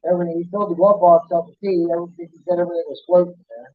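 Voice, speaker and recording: A man's voice: high-pitched, flat delivery, very fast. A man telling rambling, folksy stories in casual chat, often correcting himself as he goes. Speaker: podcast co-host. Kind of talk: casual storytelling. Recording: tinny phone-like sound.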